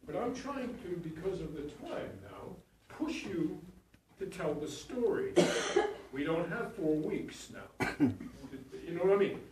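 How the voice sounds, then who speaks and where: A man's voice: high voice, lively intonation, unhurried, darkish tone, distant mic, slight background noise. A man who teaches acting, giving frank notes to his students in a coaching manner. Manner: frank, blunt and coaching, with frequent restarts and "you know". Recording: very echoey room, voice from off the mic.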